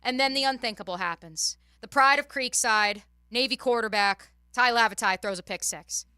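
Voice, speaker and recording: Woman, sports radio co-host, bright voice, smooth, dry studio, animated storyteller. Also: fairly high pitch, normal speed, no room sound. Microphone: studio microphone.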